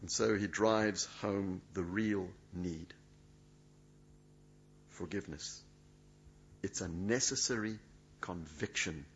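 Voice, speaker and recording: A man's voice: deep voice, takes it slowly, long pauses, a little hiss or hum. A male preacher, preaching a sermon in an emphatic, dramatic way. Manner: emphatic, dramatic, acts out quoted speech. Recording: dull lo-fi sound.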